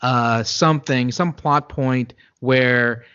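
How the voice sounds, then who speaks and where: A man with a mid-range voice co-hosts a casual movie chat, sounding wry and halting, with plenty of "uh" and "um." The audio is somewhat dull and lo-fi. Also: mid-range voice, steady tone, fairly bright tone, clear, resonant tone. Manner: hesitant, many fillers, wry. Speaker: podcast co-host.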